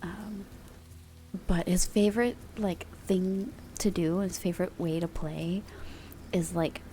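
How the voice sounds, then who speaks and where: Brief: woman streamer, playful and giggly, unhurried mellow delivery, booth mic, faint music behind. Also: steady tone. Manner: playful, giggly, high sing-song baby talk to a pet. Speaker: ASMR streamer. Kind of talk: casual chat. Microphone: ASMR microphone in a sound booth.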